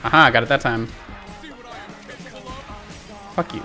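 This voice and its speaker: This is a streamer's expressive, medium-pitched voice at a normal pace, broken by long pauses and set over music. He plays a video game while swearing and kidding around with his chat in casual commentary, recorded through a desk microphone.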